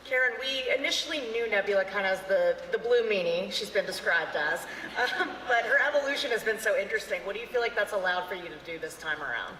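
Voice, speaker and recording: A woman's voice: medium pitch, expressive, fast, hardly any pauses, bright, forceful tone, a little hiss or hum. A woman moderating a convention panel in an upbeat, gushing way. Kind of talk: stage interviewing. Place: large convention hall stage. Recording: echoey hall with long reverb.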